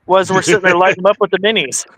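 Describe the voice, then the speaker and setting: A man with a notably high voice chats as a guest. He is easygoing and hesitant, dropping fillers as he goes. The sound is dry and close, with no room echo. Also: steady tone, very fast, fairly bright tone. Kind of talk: casual chat.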